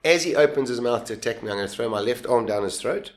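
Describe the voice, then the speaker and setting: A man's voice: mid-range voice, expressive, fast talker. A man in his fifties telling a survival story in an interview, acting out his own words and the voices of others as he goes. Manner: vivid, acts out his own lines and voices, laughs while telling. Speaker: guest. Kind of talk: animated storytelling.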